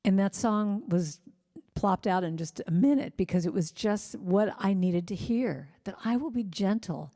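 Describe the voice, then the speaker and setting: Warm, gentle-voiced woman telling heartfelt stories. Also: medium pitch, unhurried. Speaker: singer-songwriter speaker. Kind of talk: inspirational church talk. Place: church.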